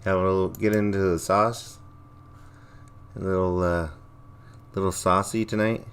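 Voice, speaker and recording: Low-voiced man chatting on a livestream. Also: fairly even intonation, a little slow, a bit bright, smooth. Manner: rambling, laid-back, reacts to chat. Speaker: livestream host. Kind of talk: casual chat reading viewer comments.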